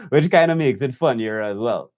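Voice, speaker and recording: A man reacting to a video as an editor, unhurried and admiring as he talks through the choices. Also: medium pitch, a little mellow. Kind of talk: reaction commentary.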